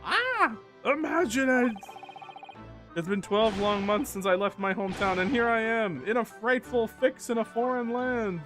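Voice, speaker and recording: A man voicing a paranoid, excitable young prisoner who gives shrill, theatrical complaints. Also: unhurried, music in the background. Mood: rhapsodic.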